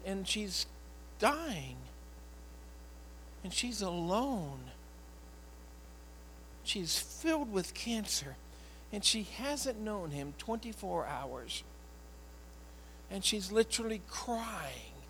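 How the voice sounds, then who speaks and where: A man, a pastor, telling a personal story in an earnest, emotional sermon style, often halting and repeating words. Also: sits high, sing-song, fairly bright tone, a little hiss or hum, rough recording.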